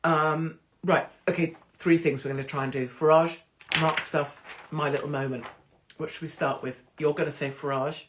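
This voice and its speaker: A woman hosting a casual livestream chat, cheeky and excitable, rambling with asides and joking interruptions as she reads out announcements. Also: low-pitched, moderate pace, noisy background. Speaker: host.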